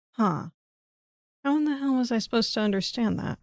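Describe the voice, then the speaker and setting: A woman's voice: fairly high pitch, normal speed, long pauses, dry recording. A woman streamer thinking aloud as she works through a puzzle game, muttering to herself and swearing when she gets frustrated. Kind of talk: casual live game commentary.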